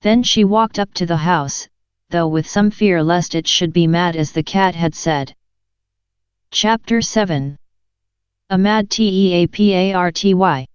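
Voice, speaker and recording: A woman narrating a children's storybook in an even, measured reading, in a dull lo-fi recording. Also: fairly low pitch, smooth, no echo. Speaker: audiobook narrator. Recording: dry, dull lo-fi sound.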